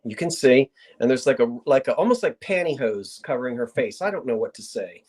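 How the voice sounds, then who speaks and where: A woman's voice: rumbling low, expressive, a little fast, darkish tone, breathy edge. A woman hosting a live online sale, describing an item in casual, rambling chat full of asides.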